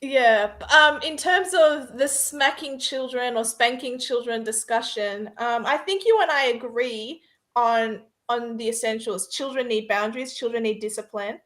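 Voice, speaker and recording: A woman's voice: fairly high pitch, unhurried, a bit bright. Chatty woman in a roomy echo. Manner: chatty, laughs easily, trails off with fillers. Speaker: guest. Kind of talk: casual discussion.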